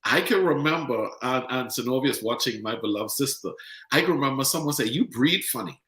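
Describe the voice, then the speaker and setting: A middle-aged man from the Bahamas with a Bahamian accent, hosting a casual podcast chat as an animated storyteller who repeats words for emphasis. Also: medium pitch, brisk, roomy sound, poor audio. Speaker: podcast host.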